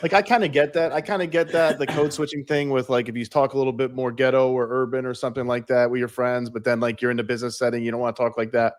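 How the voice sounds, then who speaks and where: A man's voice: mid-range voice, little pitch movement, fast, hardly any pauses, no room sound, clean studio sound. A man co-hosting a political talk show, ranting bluntly and cursing freely. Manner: blunt, swears, rants.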